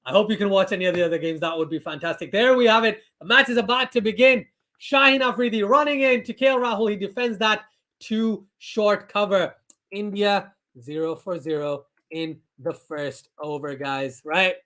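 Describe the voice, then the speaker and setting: A young man with a high voice hosts a live cricket watchalong stream at normal speed. He commentates chattily and casually, reads viewer comments aloud, and bursts into excited shouts when a wicket falls.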